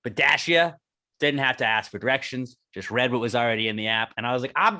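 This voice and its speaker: A man co-hosting a podcast, telling jokey stories in a casual, animated way. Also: mid-range voice, quick pace, no room sound. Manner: joking, animated storyteller. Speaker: podcast co-host. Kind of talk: casual chat.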